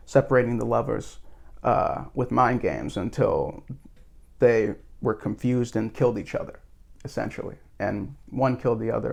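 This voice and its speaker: A man's voice: mid-range voice, vocal fry, a little mellow. A man hosting a video, talking through a movie in a rambling, casual, tongue-in-cheek way. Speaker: video host.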